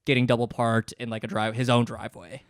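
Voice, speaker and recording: A man co-hosting a comedy podcast, relaxed and quick to laugh and agree. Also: mid-range voice, no echo, clean studio sound. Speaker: podcast co-host. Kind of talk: casual comedic chat.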